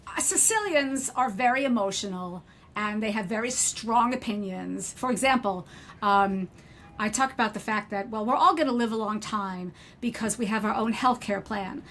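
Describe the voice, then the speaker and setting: A woman in her sixties, a podcast guest telling lively stories in casual chat and laughing often. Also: on the high side, slight background noise. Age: 60s.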